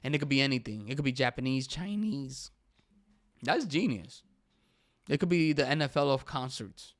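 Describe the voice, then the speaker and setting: A man's voice: medium pitch, lively intonation, normal speed, no room sound. A young man hosting his own podcast, talking casually and emphatically and saying "bro" often. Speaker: podcast host. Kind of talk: casual solo podcast commentary.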